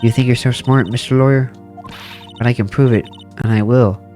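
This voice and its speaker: A man's voice: mid-range voice, steady tone, moderate pace, a little mellow, soft background music, close to an everyday voice. A man voicing a sassy, bratty young woman witness in a game, with a whiny, mocking and indignant manner. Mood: taunting. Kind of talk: voicing a video game's text for a let's play.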